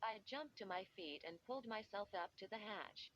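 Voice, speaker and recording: A woman's voice: mid-range voice, animated, moderate pace, hardly any pauses, fairly bright tone. A woman narrating a children's story as an audiobook, reading steadily. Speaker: reader. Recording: dull hissy recording.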